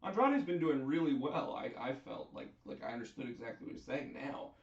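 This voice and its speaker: A man hosting a casual wrestling chat on a live stream, chatty and animated as he tells what happened. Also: medium pitch, fairly quick. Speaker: host. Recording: echoey, distant, dull sound.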